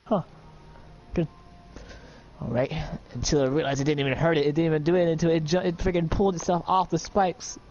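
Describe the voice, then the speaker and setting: A man's voice: on the high side, fairly even intonation, fast, hardly any pauses, darkish tone, lo-fi sound, slight background noise. A man improvising an adventure story for a friend in casual voice chat, rambling with lots of fillers and checking in with the listener.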